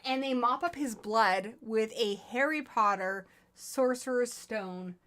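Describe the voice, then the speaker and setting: A woman who grew up in England, co-hosting a casual live movie review and telling rambling, animated personal stories while a little tipsy. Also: on the high side, takes it slowly. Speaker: co-host of a horror movie review show. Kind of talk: casual chat on a live stream.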